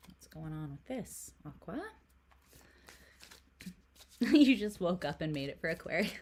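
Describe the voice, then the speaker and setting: A woman's voice: on the low side, sing-song, a little slow, very noisy. A woman from Canada doing a casual tarot reading to camera, chatty and giggly, full of "like" and dropping into whispered asides. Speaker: tarot reader.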